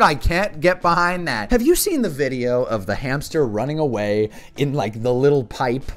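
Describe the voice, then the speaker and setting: A man vlogger ranting to camera in an exasperated, animated way, swearing often. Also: on the high side, moderate pace, few pauses. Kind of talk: casual comedic rant to camera.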